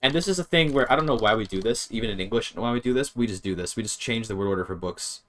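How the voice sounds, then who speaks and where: A young male streamer with a lowish voice talks through grammar casually. He rambles, keeps correcting himself, and swears when his examples fall flat. Keyboard typing sits in the background. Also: racing, slight background noise. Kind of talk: casual livestream explaining grammar.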